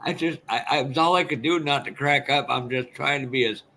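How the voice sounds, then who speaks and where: Bright-voiced man telling blunt stories. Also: mid-range voice, a little fast, a little hiss or hum, poor audio. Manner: laughs often, storytelling, blunt. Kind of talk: casual chat, swearing freely.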